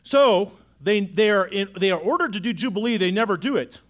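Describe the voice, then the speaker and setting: A man's voice: high voice, animated, fairly quick, fairly bright tone. A middle-aged man preaching a sermon in a church auditorium, in a conversational way that keeps asking the congregation questions. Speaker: pastor.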